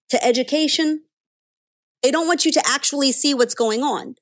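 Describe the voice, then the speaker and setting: A woman delivering a sarcastic, indignant political opinion monologue as a commentator. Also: high-pitched.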